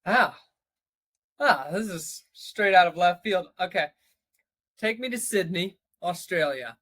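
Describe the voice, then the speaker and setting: Man, co-host, fairly high voice, playful, laughing, dry close sound. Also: lively intonation, slow pace, pushed and bright, no echo. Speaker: podcast co-host. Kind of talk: casual podcast chat.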